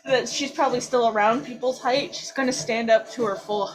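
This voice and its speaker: A woman's voice: fairly high pitch, fairly even intonation, brisk, music in the background, poor audio. A woman playing a tabletop game, casual and joking as she describes her character's moves. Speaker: player.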